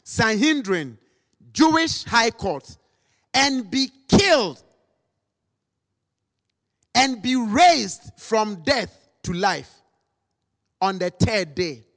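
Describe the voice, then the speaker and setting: A male preacher delivers a sermon in a hall with long reverb, speaking slowly and deliberately with lively pitch. He's dramatic, acting out quotes and rising to shouts.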